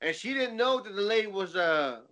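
A man's voice: high-pitched, expressive, moderate pace, bright, forceful tone. A man in his forties hosting a podcast, chatting casually and rambling through loose stories. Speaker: podcast host. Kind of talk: casual chat.

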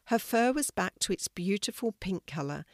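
Gentle older grandma storyteller. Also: female voice, medium pitch, expressive, no echo, studio quality. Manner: gentle and measured. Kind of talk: reading a children's story.

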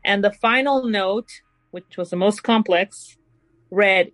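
A woman co-hosting a podcast, recounting a true-crime case and reading quoted notes slowly and deliberately. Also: medium pitch, fairly bright tone, poor audio. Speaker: podcast co-host telling the story.

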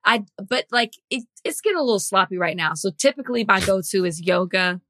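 A talkative woman co-hosting a podcast, telling stories with examples. Her voice is bright and forward, recorded dry and close. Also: medium pitch, lively intonation, brisk, dry recording. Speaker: podcast co-host. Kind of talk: casual chat.

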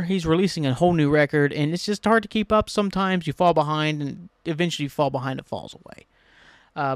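A man's voice: fairly high pitch, no room sound. A man hosting a solo podcast, rambling casually and ranting with lots of swearing. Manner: rambling and ranty, swears freely. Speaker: podcast host.

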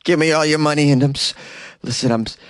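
A man's voice: quick pace, clean tone, no echo, clean studio sound, close to an everyday voice. A man voicing an elderly woman bank robber who talks old-time gangster lingo and apologizes politely. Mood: apologetic. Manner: old-time gangster lingo, high squeaky put-on pitch.

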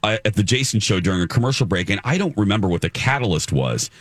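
A man's voice: fairly low pitch, expressive, quick pace, no room sound. A man hosting a morning radio show, chatting bluntly with many filler words. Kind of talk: casual radio banter and live ad read.

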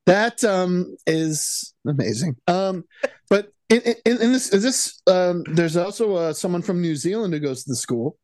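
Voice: medium pitch, expressive, measured pace, darkish tone, no room sound. A podcast co-host joking wryly in casual chat about a movie.

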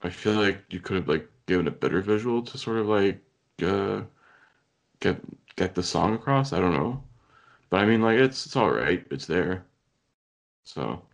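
A young man casually reacting to a music video with a friend, relaxed, laughing often and using many fillers. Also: sits low, moderate pace, vocal fry, long pauses. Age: young adult.

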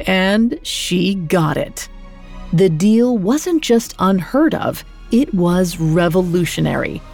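A woman reading a scripted historical story, measured, with dramatic pauses. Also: medium pitch, a little mellow. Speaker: narrator. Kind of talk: scripted documentary narration.

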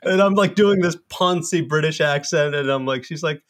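A man telling salty, animated stories about his comedy troupe in a casual podcast chat. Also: fairly high pitch, normal speed. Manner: profane, animated anecdotal storytelling. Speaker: comedy troupe member, co-host.

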